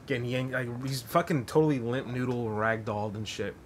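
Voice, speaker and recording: A man's voice: mid-range voice, steady tone, a little fast, a little hiss or hum. Rambling, profane male podcast host. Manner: rambling and profane, heavy with fillers. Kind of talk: casual storytelling.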